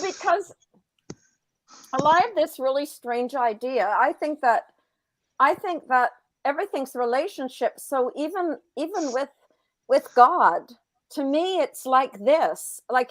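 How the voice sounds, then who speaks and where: A woman talking casually on a group livestream, laughing and telling stories in an animated way. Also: high voice, no echo.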